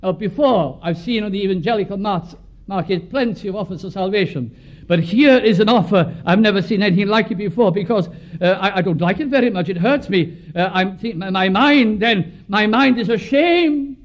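An earnest man from Wales preaches in a high, carrying voice. He drops into quiet reflection and rises into fervent prayer. The recording is dull and lo-fi. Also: brisk. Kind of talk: sermon.

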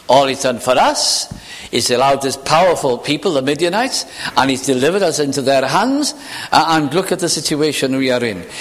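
A man preaching a sermon in an earnest, emphatic way, slowing down and going quiet on solemn points. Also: a little high. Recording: long hall reverb.

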